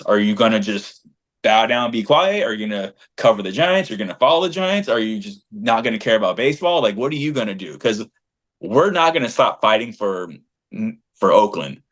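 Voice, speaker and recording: A man co-hosting a casual podcast as a fan group leader, telling stories in an animated, blunt and slangy way. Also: fairly low pitch.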